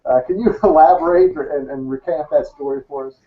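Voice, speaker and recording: A man's voice: a little high, fairly quick, muffled recording. A man hosting a casual sports panel over an online call, asking long questions and laughing often. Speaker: talk show host.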